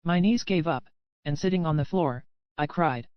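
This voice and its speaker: Smooth-voiced woman narrating an audiobook. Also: fairly low pitch, normal speed, no echo. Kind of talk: first-person romance audiobook narration. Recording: dry, slightly dull lo-fi audio.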